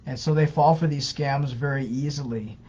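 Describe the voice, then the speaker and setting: A man's voice: medium pitch, moderate pace, darkish tone, a little hiss or hum. Earnest man with a muffled voice. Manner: earnest, explanatory, repeats words. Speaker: co-host of a scam-awareness page. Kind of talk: casual live Q&A.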